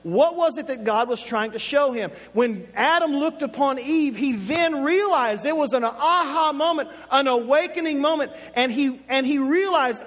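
High-voiced preacher from Oklahoma. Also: male voice, a bit bright. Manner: conversational, playful, drawn-out emphasis. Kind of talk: sermon. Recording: echoey hall with faint music.

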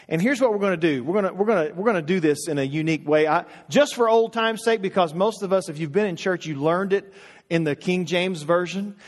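A middle-aged man preaches with a notably high voice, pressing his congregation to repeat after him. His fervor climbs as he goes on. The sound carries a long reverb, as in a large hall. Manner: preaching with rising fervor, calling the congregation to respond. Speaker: pastor. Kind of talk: sermon.

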